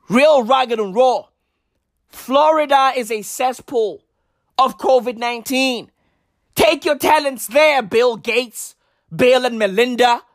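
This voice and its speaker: Woman comic from South Africa, sarcastic slang-heavy rant, unhurried delivery, slightly high voice. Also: no room sound, clean studio sound. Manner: mock-serious, heavy street slang, profanity.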